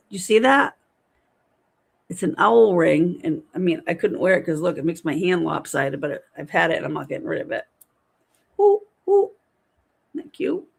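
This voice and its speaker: A chatty woman in her fifties hosts a livestream from home. She talks in a casual, lively way, reading viewer comments aloud and answering them. Her voice sits at a middle pitch for a woman. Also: vocal fry. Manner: chatty, animated, reads chat aloud. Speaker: livestream host.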